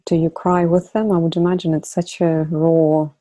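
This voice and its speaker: A woman interviewing a guest, asking quiet, affirming questions. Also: deep voice, little pitch movement, moderate pace, no room sound.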